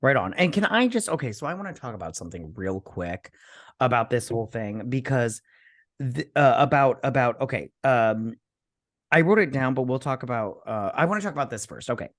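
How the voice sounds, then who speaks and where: A tipsy man co-hosting a casual movie review, rambling and animated as he tells stories. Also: medium pitch, a little fast. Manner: rambling, animated storyteller with many restarts. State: tipsy from drinking. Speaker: podcast co-host.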